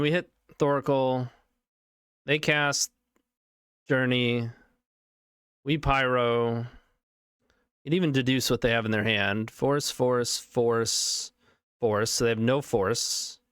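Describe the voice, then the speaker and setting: Casting: male streamer, smooth voice, unhurried delivery, casual running game commentary. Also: mid-range voice, steady tone, a bit bright, no echo, clean studio sound. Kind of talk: live card game commentary.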